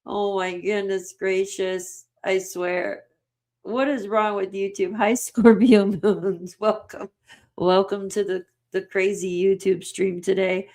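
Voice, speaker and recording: A woman's voice: medium pitch, slow. A woman hosting a livestream in casual chat, reading out comments and laughing often. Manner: laughs often, giggly and excitable. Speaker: livestream host.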